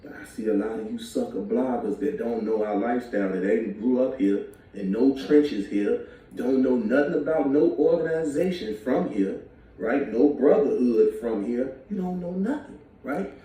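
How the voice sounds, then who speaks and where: A brash man talks in quick bursts on a live stream, his voice dark and mellow. He sounds far from the mic in a very echoey room. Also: medium pitch.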